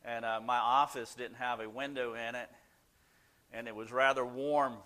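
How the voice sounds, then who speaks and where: A man's voice: medium pitch, fairly even intonation, moderate pace, sharp tone. An older man, a Christian counselor, telling folksy, self-deprecating stories to a small group in a casual way, with many "uh" fillers. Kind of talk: casual storytelling talk.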